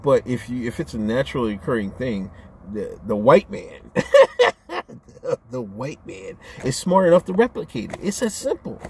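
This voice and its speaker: A man's voice: mid-range voice, wildly swooping pitch, unhurried, darkish tone, slight background noise. A man ranting on his own channel in a casual, profane, rambling way, often stammering as he restarts his sentences. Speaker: vlogger. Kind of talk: casual rant to camera.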